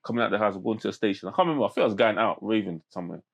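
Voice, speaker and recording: A man, a podcast guest telling stories in animated street slang with many restarts. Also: on the low side, rapid-fire, creaky. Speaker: podcast guest, men's mental health campaigner. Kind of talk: casual podcast conversation.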